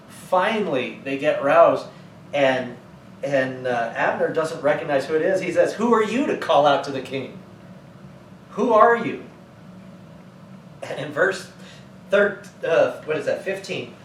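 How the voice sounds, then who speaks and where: Pastor in an echoey church from a distance. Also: male voice, a little high, a little hiss or hum. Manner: conversational, retells scripture in everyday words. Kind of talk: sermon teaching.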